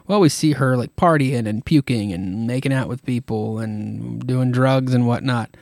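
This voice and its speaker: A man's voice: mid-range voice, steady tone, measured pace, darkish tone, no echo, clean studio sound. A man hosting a podcast, casually retelling a comic with many fillers and irreverent asides, his throat tired. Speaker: podcast host.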